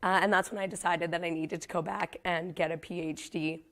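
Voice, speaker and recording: Hoarse young woman giving a chatty lecture. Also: fairly even intonation, fairly quick, a bit bright. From Canada. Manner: speaks low, chatty and self-deprecating, laughs often. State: hoarse, losing her voice. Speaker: guest lecturer. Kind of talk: casual public lecture.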